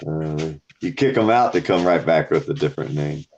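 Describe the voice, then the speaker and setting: A man hosting a live stream, telling stories in a profane, animated way. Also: rumbling low, moderate pace, slight background noise. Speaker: stream host. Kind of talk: casual storytelling chat. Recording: dull lo-fi stream audio.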